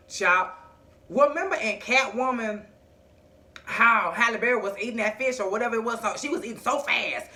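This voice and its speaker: A man with a high voice recaps a TV episode for his vlog. He talks in a sassy, chatty way and keeps drifting into playful asides. His tone is bright and sharp. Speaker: TV recap vlogger.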